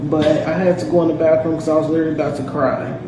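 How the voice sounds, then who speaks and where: A woman venting in a halting, plaintive way about being overlooked, recorded on a phone in a bathroom at work. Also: low-pitched, steady tone, roomy sound, far from the mic, background noise. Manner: halting, plaintive, self-pitying. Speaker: warehouse worker venting in a clip. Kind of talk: tearful personal vent video.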